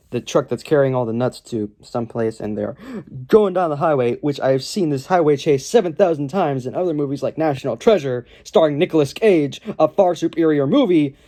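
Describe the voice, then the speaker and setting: A man's voice: fairly high pitch, mellow. A man giving a casual, rambling film review full of sarcasm and ums, recorded at home on a camera propped on his legs.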